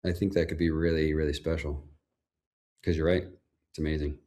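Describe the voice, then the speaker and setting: A male guest on a podcast talks easily about his life and work in a relaxed, conversational way. His voice sits very low. He laughs readily between thoughts. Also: fairly quick. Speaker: guest, home builder. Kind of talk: casual interview chat.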